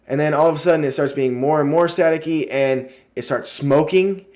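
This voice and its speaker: A man giving a casual video review of a TV show, excitable, swearing freely and filling his talk with fillers. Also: mid-range voice, fairly quick.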